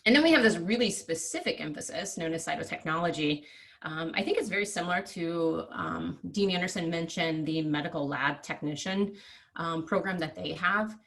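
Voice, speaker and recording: A woman's voice: lowish voice, normal speed, gravelly. A woman, presenting degree options in a virtual information session over a video call, explanatory with frequent ums. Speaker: university presenter.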